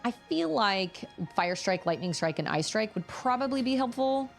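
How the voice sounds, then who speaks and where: A woman game streamer chats with her viewers in an animated, sing-song voice that rises and dips freely. She talks casually and thinks out loud while browsing menus, repeating item names to herself. Soft game music plays faintly behind her. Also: fairly high pitch, moderate pace, gravelly. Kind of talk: casual live-stream chat while playing.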